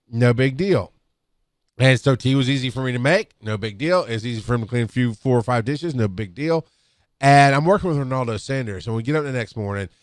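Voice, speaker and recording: A man's voice: medium pitch, no echo, studio quality. Rambling man telling work stories. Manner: rambling, with restarts and acted-out quotes. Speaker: EMS instructor on a podcast. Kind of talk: casual storytelling talk. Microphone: podcast microphone.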